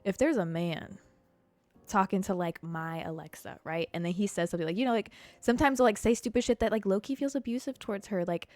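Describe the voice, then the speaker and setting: A young woman hosting a casual solo podcast from her couch at home, talking in an animated, expressive way and swearing a lot. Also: mid-range voice, brisk, no room sound. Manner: animated and expressive, heavy swearing, frequent "like" fillers. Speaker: podcast host.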